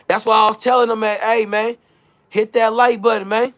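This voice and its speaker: Hosting a laid-back livestream, a man speaks a little fast in a high, fairly bright voice with fairly even intonation. He chats in slang, hypes his audience, and reads their messages aloud.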